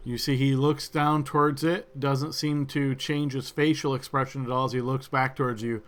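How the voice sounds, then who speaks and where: A man narrating a tabletop game as game master, describing scenes with frequent halting fillers. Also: medium pitch, level tone.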